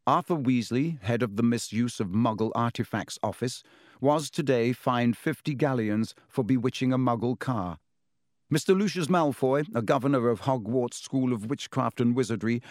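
A medium-pitched man narrates an audiobook in a measured, steady storytelling style. The sound is dry and studio quality.

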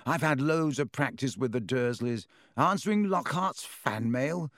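A man's voice: medium pitch, measured pace, no room sound, clean studio sound. Harry, a man doing a weary, hollow-voiced schoolboy. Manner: hollow, flat. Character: young male student, weary and hollow-voiced.

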